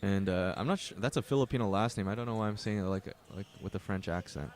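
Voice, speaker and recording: At a basketball tournament gym, a young Canadian man gives casual play-by-play of a livestreamed game, joking with viewers between plays in a chatty way. His voice is on the low side, he talks quickly, and background noise comes through.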